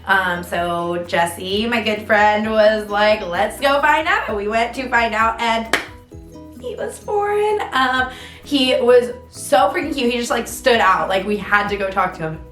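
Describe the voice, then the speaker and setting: Young woman, casual vlog storytelling, chatty and dramatic, echoey room, soft music underneath. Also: fairly high pitch, expressive, measured pace. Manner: chatty, many fillers, dramatic ups and downs. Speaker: vlogger. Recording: roomy sound with faint music.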